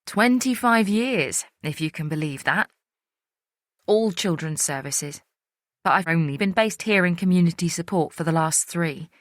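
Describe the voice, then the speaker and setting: A woman reading an audiobook, voicing a gentle middle-aged female social worker with a soft Irish accent. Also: on the low side, lively intonation, measured pace, dry recording. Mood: sombre. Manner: gentle, soft-spoken, reflective. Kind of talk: audiobook character voice.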